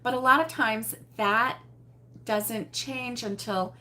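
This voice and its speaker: A woman with a slightly high voice hosts a casual livestream from home. She reads and answers viewer comments in a chatty, exclamatory way, with frequent laughs and cries of surprise. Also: fairly even intonation, takes it slowly, bright, forceful tone. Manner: chatty and exclamatory, often saying "oh my goodness" and laughing. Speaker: host of a crochet livestream. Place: at home with her husband nearby.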